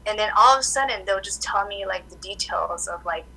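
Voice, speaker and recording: A woman acupuncturist chatting casually in an interview, telling animated stories full of "like" fillers. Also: medium pitch, brisk, rough recording. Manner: animated storytelling, many "like" fillers. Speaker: acupuncturist guest.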